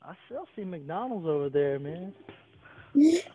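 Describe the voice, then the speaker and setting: An upbeat man coaching a gymnastics class over a video call, his voice pitched high and swinging widely as he counts reps and cheers the kids on. The audio is thin and phone-like. He sounds like he's in an indoor gym. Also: very animated, normal speed, slightly rough, no echo. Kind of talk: leading a live online exercise class.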